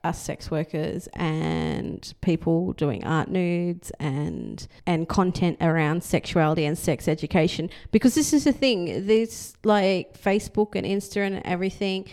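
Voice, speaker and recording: A woman's voice: on the low side, unhurried, vocal fry, hardly any pauses, a little mellow. A woman chatting casually and bluntly as a podcast host, swearing and laughing often. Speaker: podcast host and adult performer. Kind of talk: casual chat.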